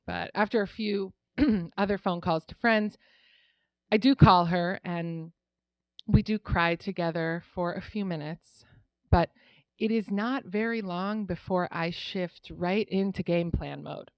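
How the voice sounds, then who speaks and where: A woman's voice: lowish voice, a little slow, dry recording, lo-fi sound. Wry woman telling a live story. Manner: wry, conversational, laughs through lines.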